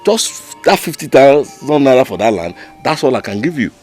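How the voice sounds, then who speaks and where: A man's voice: mid-range voice, big pitch swings, normal speed, a little mellow, soft background music. A man with a Nigerian accent playing a cold, greedy village cabinet member who mocks a friend's plea. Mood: dismissive. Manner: dismissive, mocking. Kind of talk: Nollywood film acting.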